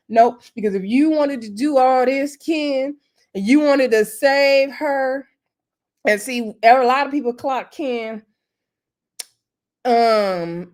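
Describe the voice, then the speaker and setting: A woman with a slightly high voice talks through a reality show episode in a loose, conversational way. She is opinionated and retells the arguments by quoting each person. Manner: chatty, opinionated, retells scenes in quotes. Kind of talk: casual recap commentary.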